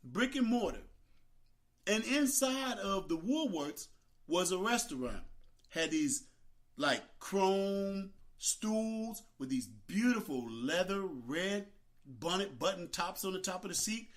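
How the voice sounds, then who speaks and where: Animated older man telling a story. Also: high voice, measured pace. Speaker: host. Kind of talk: storytelling on a talk show.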